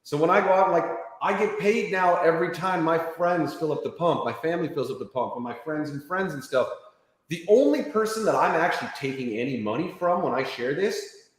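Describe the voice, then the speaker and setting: A man giving an interview, telling a fast, lively sales story and acting out the people he quotes. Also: fairly high pitch. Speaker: interview guest. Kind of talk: enthusiastic sales pitch in an interview. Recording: very echoey room with long reverb.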